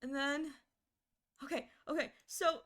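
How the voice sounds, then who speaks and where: A woman's voice: high voice, fairly even intonation, a little slow, a bit bright. A young woman streaming live, chatting casually with viewers and often stammering, close to tears.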